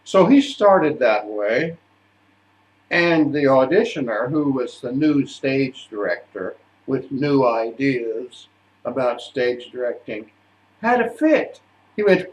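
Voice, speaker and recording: An older man, an opera singer, telling stories in a deliberate, indignant way. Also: fairly high pitch, lively intonation. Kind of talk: storytelling monologue. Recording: echoey room.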